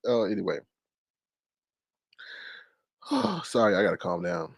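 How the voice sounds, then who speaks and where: A man hosting a casual live-stream commentary, animated and laughing, with exaggerated high-pitched repeats of words. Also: a little slow, vocal fry, pauses often, husky, no room sound. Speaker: commentary channel host.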